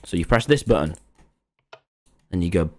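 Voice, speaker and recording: A man streaming a game live, talking to viewers and ranting excitedly at the screen. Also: low voice, moderate pace. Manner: excitable, exasperated, swears and rants at the screen. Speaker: gaming streamer.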